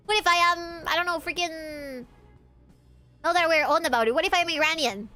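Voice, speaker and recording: A woman's voice: extremely high pitch, normal speed, pushed and bright, soft background music. A young woman from Peru, streaming a game and joking and teasing with her chat, swearing casually. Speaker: VTuber streamer.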